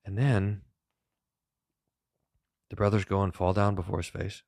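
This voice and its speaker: Low-voiced pastor retelling scripture. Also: male voice, little pitch movement, measured pace, creaky, darkish tone, no room sound, studio quality. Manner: storytelling, reads scripture aloud with rising emphasis. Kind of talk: Bible teaching podcast.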